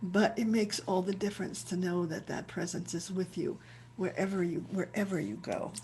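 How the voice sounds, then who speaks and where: Woman rabbi, reflective teaching over a video call; relaxed dark tone, faint hiss behind. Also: lowish voice, normal speed. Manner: searching, repeats words as she thinks aloud. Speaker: rabbi leading a chant session.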